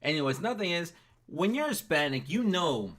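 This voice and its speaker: A man's voice: a little high, moderate pace. A young man from the United States chatting casually and telling personal stories over gameplay, acting out the lines people said. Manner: chatty, animated, acts out quoted lines. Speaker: gaming YouTuber.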